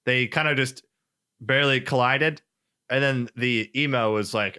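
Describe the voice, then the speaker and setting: A man co-hosting a casual podcast chat, telling a story in an animated way and acting out quoted voices. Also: medium pitch, unhurried, smooth. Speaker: podcast co-host.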